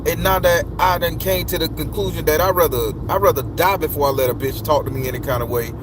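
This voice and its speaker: A man's voice: on the high side, fast talker. A man ranting casually to his viewers, rambling with repeated restarts and plenty of swearing. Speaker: spiritual tarot vlogger. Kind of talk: casual profane rant to viewers. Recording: outdoor street noise with cars.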